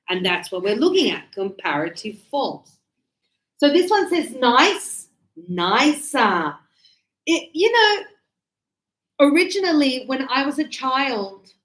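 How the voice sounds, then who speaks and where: A woman English teacher giving a classroom grammar lesson, talking slowly and deliberately and stretching out key words. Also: sits high. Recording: echoey classroom.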